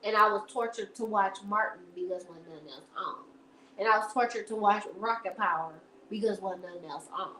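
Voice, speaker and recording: A woman's voice: medium pitch, a little fast, bright, forceful tone, a little hiss or hum. A young woman, chatting casually to viewers in a rambling, laughing storytelling way. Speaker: live stream host. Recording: echoey room.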